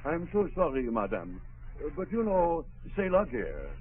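A man's voice: wildly swooping pitch, husky, exaggerated voice. A man voicing a fake French cleaner on the phone, with a put-on French accent in 1940s radio comedy style. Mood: apologetic. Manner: mock French accent, low and slow. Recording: tinny old radio broadcast.

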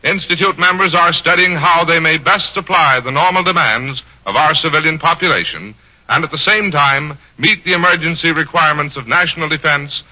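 Old-time radio announcer guy, earnest and formal, bright sharp voice, dull lo-fi sound. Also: a little high. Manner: earnest, declamatory. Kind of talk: formal scripted commentary. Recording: dull lo-fi 1940s radio recording.

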